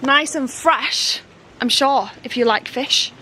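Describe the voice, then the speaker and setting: A woman with a high voice chats casually for a family vlog. She slips into a cooing singsong when she talks to dogs, and faint outdoor noise sits behind her. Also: takes it slowly, sharp tone. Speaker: family vlogger.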